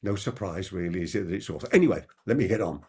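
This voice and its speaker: A man giving a live masterclass on persuasion as a trainer. He talks quickly and keeps asking the audience rhetorical questions. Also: slightly rough. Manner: animated, with big pitch swings.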